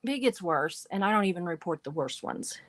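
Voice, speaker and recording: A woman's voice: fairly low pitch, expressive, brisk, fairly bright tone, no echo. A woman hosting a livestream, reading passages aloud and adding wry asides between them. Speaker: livestream show host.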